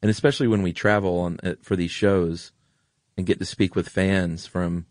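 A man's voice: low-pitched, steady tone, moderate pace, darkish tone, dry recording, clean studio sound. A man co-hosting a podcast in casual chat, enthusiastic and rambling. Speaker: podcast co-host.

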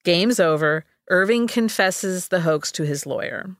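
A woman's voice: on the low side, unhurried, no room sound, clean studio sound. A young woman co-hosting a casual podcast, telling a story in a chatty way full of asides and reading quotes aloud. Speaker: podcast co-host.

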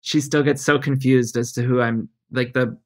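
A man talking as a podcast guest in a casual chat, a chatty storyteller who pokes fun at himself. He speaks at an ordinary middle pitch. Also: fairly even intonation, normal speed. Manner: chatty, self-deprecating storyteller.

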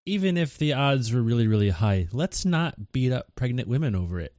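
A man's voice: medium pitch, very animated, fairly quick, darkish tone, dry recording. A man co-hosting a casual podcast, hesitant with stammering restarts and dry humor. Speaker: podcast co-host. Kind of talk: casual news chat.

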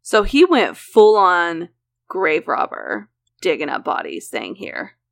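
A woman's voice: fairly low pitch, wildly swooping pitch, takes it slowly, creaky. A woman casually recounting a true crime case as a podcast host, mixing read details with chatty asides. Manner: conversational, reading case details with frequent "like".

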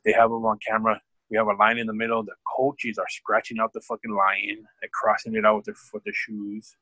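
A man telling a rambling, profane story about coaching high school football, speaking in a casual podcast chat. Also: monotone, a little fast, bright, forceful tone, no room sound, rough recording. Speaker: podcast guest.

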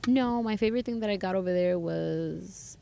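A woman's voice: mid-range voice, normal speed, creaky, warm tone, a little hiss or hum. A woman in her thirties telling travel stories in casual chat, saying "like" constantly. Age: 30s. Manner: chatty, heavy use of "like". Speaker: guest sharing travel stories.

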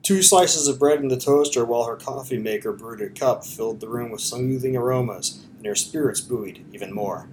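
A male narrator reading a novel aloud, steady and measured. His voice sits at a middling pitch and he tells the story evenly. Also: a little hiss or hum. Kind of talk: audiobook narration.

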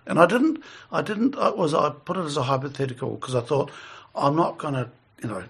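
This is a middle-aged man, sharing a long anecdote in relaxed chat. His voice is gravelly and slightly husky, and he laughs softly as he talks, with plenty of restarts. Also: fairly high pitch, a little fast. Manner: rambling, chuckles while telling stories. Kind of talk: casual storytelling chat.

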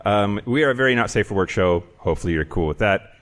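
Man, live podcast co-host, casual joking chat, lower voice, animated pitch swings, stage mic, brewery crowd. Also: fast talker. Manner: casual, joking, lots of fillers. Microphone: handheld stage mic.

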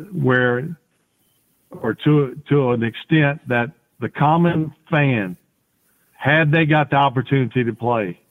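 A man, a former quarterback, telling rambling, folksy stories with many restarts as a podcast guest. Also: mid-range voice. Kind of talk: casual interview storytelling. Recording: tinny phone-like audio.

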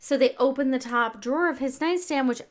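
A woman's voice: high voice, brisk. A woman co-hosting a podcast, telling a true-crime story casually, full of fillers and swearing. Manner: profane, filler-heavy, quotes people in voices. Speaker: podcast co-host.

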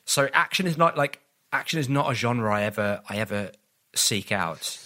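A man in casual podcast conversation, rambling with restarts and slipping into little acted-out quotes. His voice has a bright, forward edge. He sounds self-deprecating and open. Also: on the low side, expressive, normal speed. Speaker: comedian guest.

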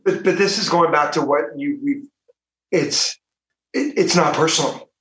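A man's voice: a little high, a bit bright. Heartfelt man, roomy and distant sound. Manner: halting and heartfelt, many restarts. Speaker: actor guest. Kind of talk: casual podcast chat. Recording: roomy, from the mic.

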